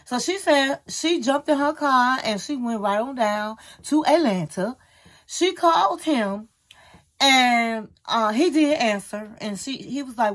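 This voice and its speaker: Woman channel host, casual to-camera chat, pitched a bit high, lively gossipy storyteller. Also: unhurried. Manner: chatty, animated storytelling with sudden pitch jumps.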